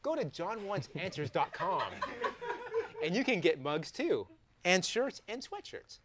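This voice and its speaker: Lively high-voiced Canadian host. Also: male voice, a little slow, over a noisy crowd. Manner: playful, reading tweets aloud. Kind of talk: live comedy talk show.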